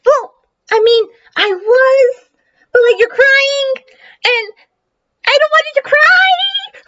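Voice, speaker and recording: A woman's voice: very high voice, wildly swooping pitch, drawn-out words, fairly bright tone, pitched above the performer's own voice, full character voice. A woman voicing a blunt young girl who gets flustered and stumbles over her words. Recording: dull lo-fi mic.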